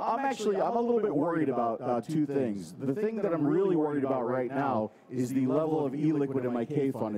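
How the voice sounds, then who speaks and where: A man's voice: mid-range voice, recorded from a distance. An American man talking casually and earnestly to an audience as a conference panel speaker. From United States. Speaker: panel speaker, product reviewer. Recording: loud audience noise in a conference hall.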